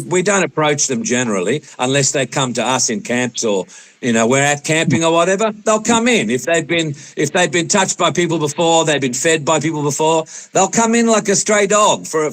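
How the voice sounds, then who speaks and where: A man's voice: fairly high pitch, lively intonation, a little fast, fairly bright tone. Chatty Australian man, rambling and hesitant. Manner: rambling, many fillers and restarts. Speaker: podcast guest. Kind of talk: casual chat.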